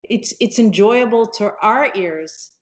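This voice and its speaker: An American woman speaking as a guest on a video call, warm and reassuring. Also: medium pitch, slow pace. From United States.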